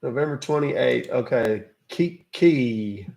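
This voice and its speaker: A man's voice: medium pitch, expressive, slow pace, vocal fry, a little mellow. A man hosting a livestream, chatting casually with viewers, wisecracking and swearing offhandedly. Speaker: livestream host calling scammers.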